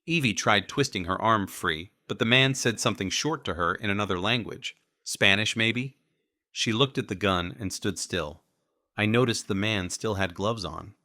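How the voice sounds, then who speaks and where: A man narrating an audiobook in a measured, steady first-person read. His voice is very low yet bright and forceful. The sound is dry and close, from a studio booth. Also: no echo.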